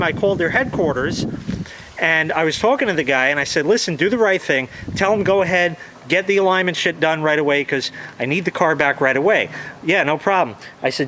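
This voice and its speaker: A man's voice: on the high side, a bit bright, a little hiss or hum. A man ranting casually to his audience, swearing freely and replaying conversations in quoted dialogue. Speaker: vlogger. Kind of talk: casual profane rant.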